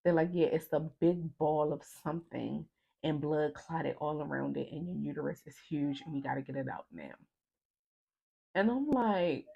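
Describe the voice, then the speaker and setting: A woman's voice: deep voice, normal speed, creaky, mellow, husky, dull audio. A young woman vlogger emotionally retelling a personal story, acting out the lines of the people in it. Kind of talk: casual storytime vlog.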